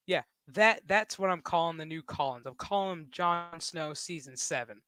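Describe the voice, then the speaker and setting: A man's voice: fairly high pitch, moderate pace, few pauses, pushed and bright, no echo. A man streaming live, ranting casually in a crude, mocking way and often breaking into laughter. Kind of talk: casual livestream rant.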